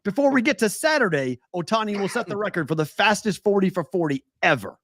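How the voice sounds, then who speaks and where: A man's voice: sits high, fast, no echo, studio quality. A man hosting a casual sports betting show, rattling off odds and stats with incredulous energy. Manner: animated, incredulous, stat-heavy.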